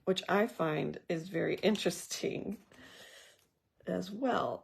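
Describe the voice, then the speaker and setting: Woman, Bible study teacher, low voice, gravelly and a bit husky, reads a passage then chats about it. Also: takes it slowly. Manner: reads scripture aloud, then reflects on it conversationally; thoughtful, personal asides.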